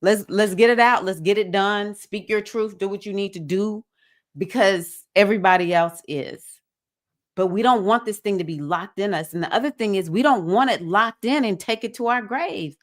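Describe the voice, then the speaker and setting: A woman with a Southern accent hosting a livestreamed spiritual circle for women, talking in an earnest, preachy way with bursts of excitement. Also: mid-range voice, normal speed. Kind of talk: livestream talk to a women's group.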